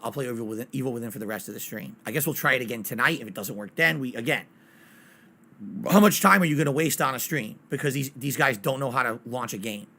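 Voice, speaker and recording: A man's voice: medium pitch, sharp tone. A man streaming games live, chatting casually and ranting bluntly with plenty of swearing. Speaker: game streamer.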